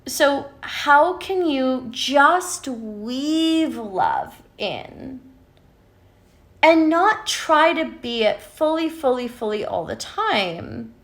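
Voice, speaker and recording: Woman, love coach, casual talk to viewers, candid and profane, lively rising and falling voice, slow. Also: high-pitched. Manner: candid, swears freely, often tags "right?".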